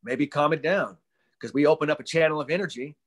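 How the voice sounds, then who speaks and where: A man who coaches mental performance, a guest on a casual podcast interview over a video call. He tells stories with animated energy, swears casually and acts out the voices of people he quotes. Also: a little high, fast.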